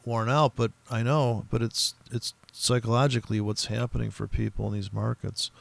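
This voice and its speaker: A man's voice: on the low side, gravelly, no room sound. A man giving rambling, profane, casual commentary while trading, often mimicking other traders. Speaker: forex trader streaming his trading.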